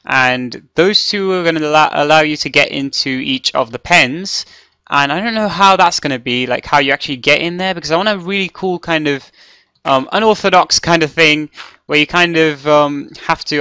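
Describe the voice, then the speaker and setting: A man's voice: on the high side, brisk, bright, forceful tone, smooth, no echo. A man giving casual gameplay commentary as he builds, rambling and thinking aloud with many ums and restarts. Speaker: Minecraft let's player.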